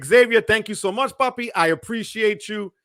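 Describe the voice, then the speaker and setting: A man hosting a livestream, energetic and chatty, giving shout-outs to viewers. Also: high voice, moderate pace, dry recording, studio quality. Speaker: livestream host. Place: home studio.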